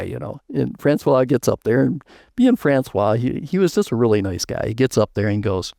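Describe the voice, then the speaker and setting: Older male guest, gravelly storyteller, dry close recording. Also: medium pitch, very animated, moderate pace, dark tone, no room sound. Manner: rambling anecdotes with restarts and laughs. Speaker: guest, retired chief engineer. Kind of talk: storytelling interview.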